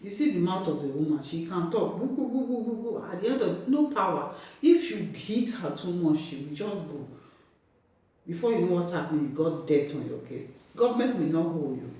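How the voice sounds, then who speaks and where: A man's voice: fairly high pitch, animated, moderate pace, dark tone. A man making an impassioned, pleading appeal to his viewers, repeating himself like a preacher. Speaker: vlogger. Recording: very echoey room, far from the mic.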